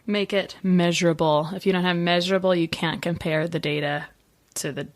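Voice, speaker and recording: A woman hosts a podcast interview in a chatty, playful way, drifting into rambling asides before landing her questions. Her voice sits a little low for a woman. The audio is dry and close. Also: steady tone, moderate pace, no echo. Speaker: podcast host. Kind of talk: casual interview hosting.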